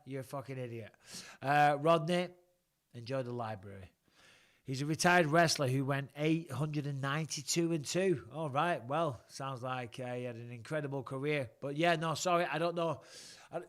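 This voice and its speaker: A man in his forties hosting a casual live-stream chat, answering fan questions bluntly, swearing freely and rambling. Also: fairly high pitch.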